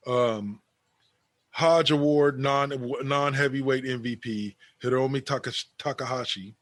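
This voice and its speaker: A man's voice: mid-range voice, unhurried, dry recording. A man co-hosting a casual wrestling podcast, reading an awards list aloud with sarcastic asides. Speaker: podcast co-host.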